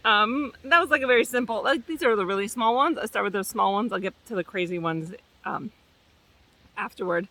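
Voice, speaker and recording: A woman property manager telling stories casually in a chatty, animated way, with fillers and restarts. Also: medium pitch, brisk. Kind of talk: casual storytelling vlog.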